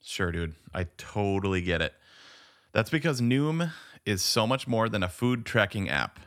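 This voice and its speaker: Laid-back podcast co-host, low voice. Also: male voice, sing-song, a little slow, a bit bright. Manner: laid-back, says "dude" a lot. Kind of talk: casual podcast chat. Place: home studio, Atlanta.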